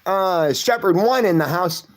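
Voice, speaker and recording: A man's voice: high voice, lively intonation, unhurried. A middle-aged man hosting a livestream, reading viewer comments and greeting each person by name in a casual, friendly chat. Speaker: livestream host.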